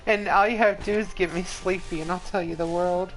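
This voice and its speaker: A woman's voice: fairly low pitch, fairly even intonation, brisk, soft background music, poor audio. A woman in her forties telling rambling stories to a live chat as a game streamer. She laughs often mid-sentence and leans heavily on "like". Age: 40s. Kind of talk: casual storytelling to a live chat.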